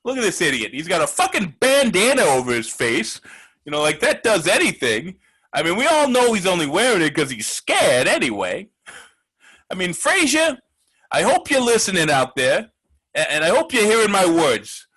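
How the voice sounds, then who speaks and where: A man plays a loud, foul-mouthed gambler hosting a sports show, ranting with a husky edge. His voice sits high for a man and swings wildly up and down, pushing every insult hard. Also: huge pitch swings, moderate pace, full character voice. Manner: loud, ranting, profane, mocking. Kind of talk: comedic sports rant.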